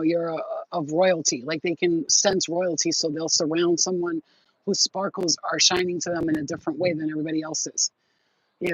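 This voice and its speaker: A woman's voice: lowish voice, no room sound. A woman hosting a spiritual livestream, chatting casually with viewers in a rambling, affectionate way, with lots of fillers and casual swearing. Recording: dull, dry lo-fi sound.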